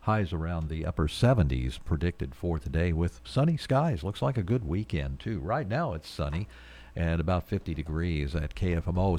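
Deep-voiced rambling morning radio man. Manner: relaxed, rambling with fillers. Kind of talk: casual radio announcing.

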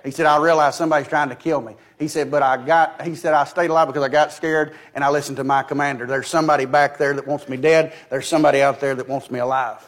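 A man preaching a folksy sermon with a fairly high-pitched voice. He tells stories in a down-home way and keeps saying "he said." His delivery swings from loud, emphatic declarations to low, quiet asides. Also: fairly even intonation, fast, hardly any pauses. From United States. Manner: folksy, storytelling with repeated "he said".

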